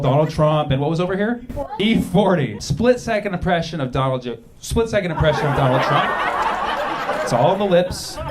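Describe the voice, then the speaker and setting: A man performing a stand-up comedy set on a club stage into a handheld mic, deadpan with sudden loud punchlines. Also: on the high side. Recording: noisy live club recording with crowd laughter.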